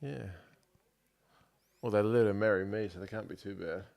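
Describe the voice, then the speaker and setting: A man in easy conversation with a friend on a sports stream. He has a somewhat low voice and a laid-back, curious way of talking, often asking questions. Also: moderate pace, gravelly, darkish tone. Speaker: co-host. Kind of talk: casual watch-along chat.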